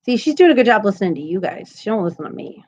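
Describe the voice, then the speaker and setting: A woman's voice: mid-range voice, big pitch swings, very fast, darkish tone. Woman, thirties, crochet stream host, chatty, giggly, reads comments aloud, dull lo-fi stream sound. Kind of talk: casual live-stream chat. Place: home.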